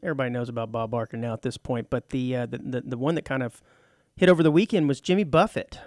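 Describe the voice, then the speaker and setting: A man's voice: medium pitch, fast talker, a little mellow, no room sound, clean studio sound. A man from Texas hosting a casual radio talk show, telling rambling stories full of restarts and teasing his co-host. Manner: rambling storyteller with many restarts.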